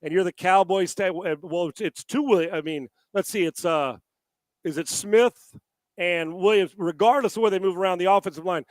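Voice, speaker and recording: A man co-hosting a casual sports talk show, animated and profane, often stammering and restarting his sentences. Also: sits high, normal speed, dry recording. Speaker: sports analyst co-host.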